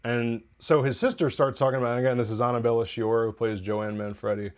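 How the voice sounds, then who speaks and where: A man's voice: medium pitch, steady tone, fast, a little mellow. A man hosting a TV review podcast, recapping an episode in a loose, chatty way with profane asides and laughs.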